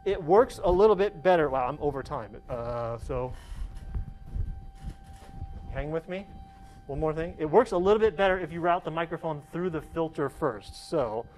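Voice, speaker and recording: A man's voice: a little high, lively intonation, moderate pace, darkish tone, low-quality recording. Casual man teaching a synth class. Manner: casual, checks in with frequent "okay?". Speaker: college professor. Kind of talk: hands-on classroom demonstration.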